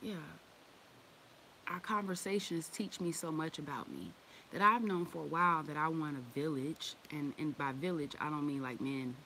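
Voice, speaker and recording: A woman's voice: deep voice, moderate pace, pushed and bright, slight background noise. A woman chatting loosely on a live stream, cursing and laughing often. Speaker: vlogger. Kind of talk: casual live-stream chat.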